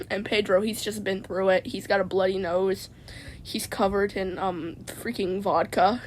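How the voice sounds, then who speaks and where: A woman's voice: mid-range voice, fairly even intonation, measured pace, a little hiss or hum. A woman vlogger telling a rambling comedic story from inside a parked car, stammering and tacking "man" onto her sentences.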